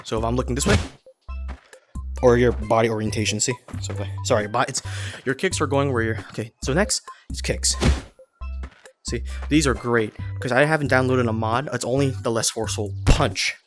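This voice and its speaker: A man casually explaining moves while playing a game, a bit out of breath, chatty and quick to laugh. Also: mid-range voice, soft background music. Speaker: VR gameplay creator. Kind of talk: casual gameplay tutorial.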